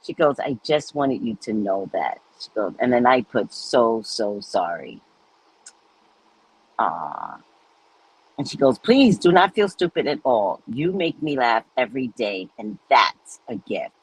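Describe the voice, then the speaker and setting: A woman's voice: very deep voice, expressive, slow pace, slightly rough, rough recording. A woman hosting a live stream, chatting casually and telling stories with frequent laughter. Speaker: host of live readings.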